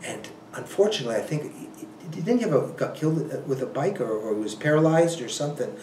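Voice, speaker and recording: A man being interviewed, spinning anecdotes in a lively, swooping voice that climbs high and drops low, laughing often and restarting sentences. His voice is a little high for a man. He sits back from the microphone in a reverberant room with a faint hiss. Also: fast. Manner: animated, laughing often, many restarts and you-knows. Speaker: ultrarunner guest. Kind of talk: casual interview storytelling. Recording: roomy, a bit distant from the mic.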